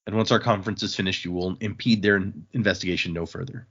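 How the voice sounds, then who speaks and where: A man's voice: low voice, fast, slightly rough, muffled recording. A man co-hosting a casual podcast, recapping a book and acting out the characters' lines as he goes. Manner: animated, acts out characters' lines while recapping. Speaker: podcast co-host.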